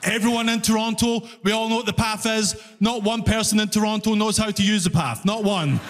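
A man doing a stand-up comedy routine, telling stories with animated energy and laughing along, English not his first language. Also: sits high, brisk, in a large hall. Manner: animated storyteller, breaks into laughter.

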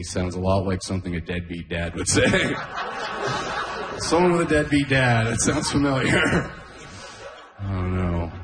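A man's voice: deep voice, lively intonation, normal speed, slight background noise. A man doing a stand-up comedy set on a club stage, talking loosely and chuckling at his own jokes. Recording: roomy club sound.

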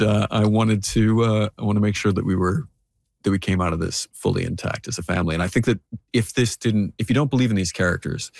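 A man's voice: deep voice, creaky, no room sound, studio quality. A middle-aged man, an actor being interviewed, talking thoughtfully and sometimes searching for words. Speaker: actor guest. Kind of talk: interview conversation.

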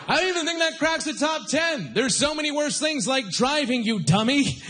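A man's voice: very high voice, big pitch swings, brisk, hardly any pauses, a bit bright, slight background noise. A young man from Nova Scotia doing a stand-up comedy set, casual and chatty, often laughing at his own jokes. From Canada, Nova Scotia. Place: comedy stage with live audience.

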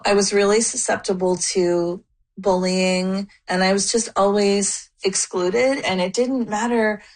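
A woman's voice: medium pitch, fairly even intonation, a little slow. A woman in her forties telling a personal story emphatically, with some stumbles and restarts. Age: 40s. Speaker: interview guest.

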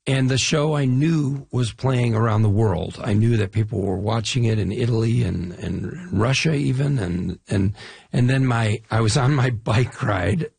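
Gravelly, husky-voiced man telling stories. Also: mid-range voice, unhurried, no room sound. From Chicago area, US Midwest. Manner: animated storyteller, lists and restarts. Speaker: actor guest. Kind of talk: casual interview talk.

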